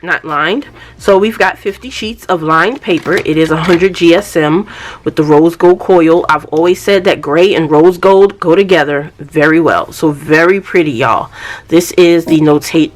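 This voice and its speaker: A woman chatting casually through a planner unboxing, often calling viewers y'all. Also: deep voice.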